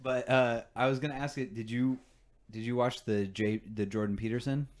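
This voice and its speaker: A man's voice: mid-range voice, a little fast, a little mellow. A man hosting a podcast in casual banter, joking and swearing, and laughing often. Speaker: podcast host.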